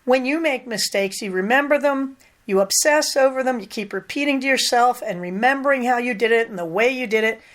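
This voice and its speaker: An older woman hosting a podcast, talking candidly in a casual, conversational monologue with lively emphasis. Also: fairly high pitch, brisk, hardly any pauses. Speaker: podcast host.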